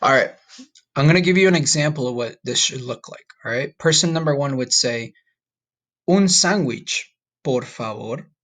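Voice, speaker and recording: A man with a medium-pitched, slightly bright voice teaches a recorded online Spanish lesson in a casual manner. He models Spanish words slowly and drawn-out, often checking in with "okay?" and "all right?".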